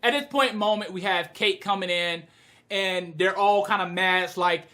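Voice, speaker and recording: A young woman giving a casual, slangy video review, animated and quick to break into shouts as she retells scenes. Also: mid-range voice. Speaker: manga reviewer.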